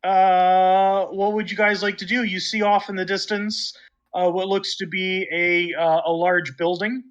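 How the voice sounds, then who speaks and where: A man's voice: high-pitched, smooth, dull audio. Hesitant man running a tabletop game. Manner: hesitant, many fillers. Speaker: dungeon master.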